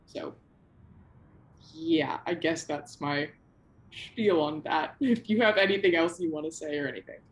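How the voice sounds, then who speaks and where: A woman's voice: sits low, a little slow, pauses often. Earnest rambling young woman interviewer. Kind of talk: casual video-call interview.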